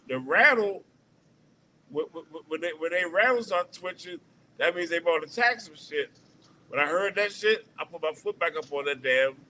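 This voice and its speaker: A man's voice: fairly high pitch, bright, forceful tone, a little hiss or hum, low-quality recording. A man hosting a livestream, telling a long profane story in a rambling, casual way with lots of restarts. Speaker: stream host.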